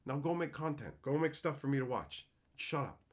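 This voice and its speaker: Animated man chatting on a livestream. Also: normal speed. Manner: animated, swings between loud excited reading of chat and low reflective storytelling; swears casually. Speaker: streamer. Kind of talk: casual livestream chat.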